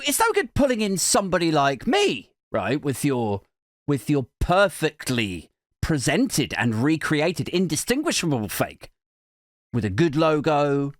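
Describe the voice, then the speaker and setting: Sarcastic guy ranting on his podcast, voice jumps all over, dry close mic. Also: dry recording. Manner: sarcastic, rambling, swings between high mock outrage and low mutters. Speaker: podcast host. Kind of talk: satirical comedy monologue.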